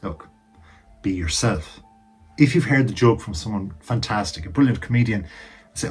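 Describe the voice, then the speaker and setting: A man's voice: fairly low pitch, animated, normal speed, long pauses, a little mellow, slightly rough, faint music behind. A man casually giving advice on telling jokes to camera, chatty and emphatic, dropping jokey asides while seated indoors.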